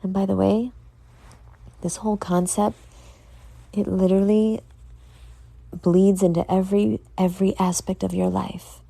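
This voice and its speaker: A woman's voice: medium pitch, level tone, unhurried, vocal fry, pauses often, dark tone, no echo. A tired, yawning woman hosting a casual solo podcast, earnestly motivating her listeners and speaking to them directly. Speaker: podcast host.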